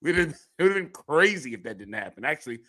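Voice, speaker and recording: A man's voice: on the high side, sing-song, quick pace, pushed and bright. A man co-hosting a comedic news chat, agreeing along and adding short asides. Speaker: co-host.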